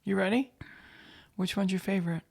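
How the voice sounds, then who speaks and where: Woman comedian, mid-pitched voice, blunt and profane, quick jokey podcast banter. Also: creaky, a little mellow. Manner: blunt, swears freely, jokey. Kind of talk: casual comedic chat.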